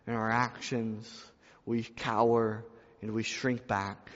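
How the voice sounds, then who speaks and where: A man's voice: lowish voice, flat delivery, slow pace. A male pastor preaching a sermon, repeating phrases and building in intensity. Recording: dull lo-fi sound in a reverberant hall.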